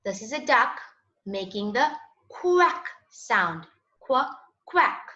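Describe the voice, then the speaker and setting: Slow, bright-voiced woman teaching phonics. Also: a little high, very animated. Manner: slow, patient, sing-song teaching voice. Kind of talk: children's phonics lesson. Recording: echoey, dull lo-fi room sound.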